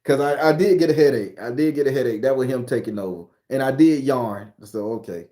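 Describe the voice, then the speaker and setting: A man from southern Florida, a spiritual reader hosting a casual live stream on his phone. He talks in a bawdy, joking, loud way. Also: medium pitch, fairly quick. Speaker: spiritual reader and channel host.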